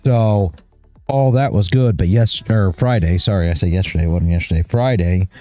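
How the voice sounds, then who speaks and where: A man's voice: low-pitched, normal speed, warm tone, soft background music. A tired man hosting a trading livestream, chatting casually, rambling and chuckling as he loses his train of thought. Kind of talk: casual chat.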